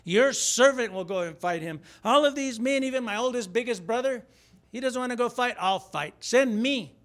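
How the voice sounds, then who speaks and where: A bold young shepherd boy, as a preacher puts him on, with a voice pushed up high and loud. He speaks with urgent, indignant insistence. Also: normal speed. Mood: eager.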